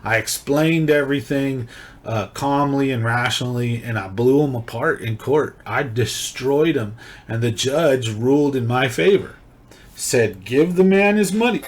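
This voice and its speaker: A man from California hosting a video, casually and excitedly retelling his own story. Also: medium pitch, a little slow. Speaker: video host.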